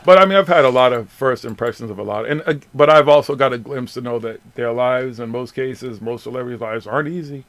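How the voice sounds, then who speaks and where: A man on a late-night radio show tells long stories in a casual, swearing, lively way. He speaks at an even middle pitch. There is some background noise behind him. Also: quick pace, hardly any pauses, dry recording. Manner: profane, animated storyteller.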